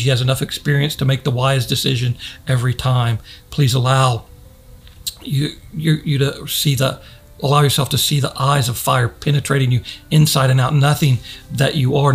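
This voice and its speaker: A man preaching a sermon with a gravelly, husky voice. His pace is unhurried, and he lingers on key phrases in earnest pauses. He pushes his voice up when he wants to stress a point. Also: mid-range voice. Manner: earnest preaching with slow dramatic pauses and rising emphasis. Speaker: pastor.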